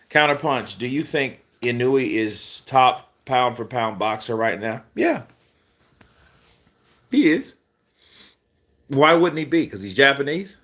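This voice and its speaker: A man's voice: mid-range voice, fairly bright tone. A man hosting a live boxing news stream, joking and swearing casually while answering viewer comments. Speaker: host of a boxing news channel.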